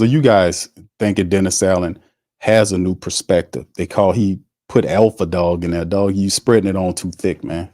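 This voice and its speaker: A man's voice: low-pitched, mellow, no echo. Man, sports podcast host, heated colloquial rant, dry close sound. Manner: heated, colloquial, talks to the chat. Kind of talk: sports talk commentary.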